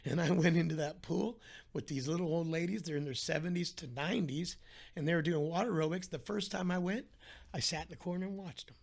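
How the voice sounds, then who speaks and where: A middle-aged man, a podcast guest, telling his story in a casual interview in an animated way and acting out the voices of the people in it. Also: fairly high pitch, fast talker, gravelly.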